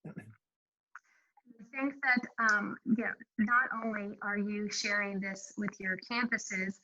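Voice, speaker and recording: A woman's voice: medium pitch, steady tone, slow pace, bright, forceful tone, muffled recording, a little hiss or hum. A woman moderating an online panel discussion, asking appreciative questions.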